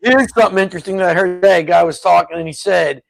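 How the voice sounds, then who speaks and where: A man's voice: high-pitched, rapid-fire, vocal fry, hardly any pauses, no room sound, rough recording. A man co-hosting a casual political chat from his home garage, blunt, dismissive and matter-of-fact. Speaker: co-host.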